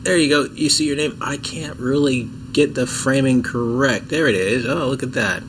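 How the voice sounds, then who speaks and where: A man's voice: mid-range voice, normal speed, background noise. A sick man hosting a casual TV tech livestream at home, chatting with viewers in a laid-back, self-mocking way. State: sick, coughing and clearing throat.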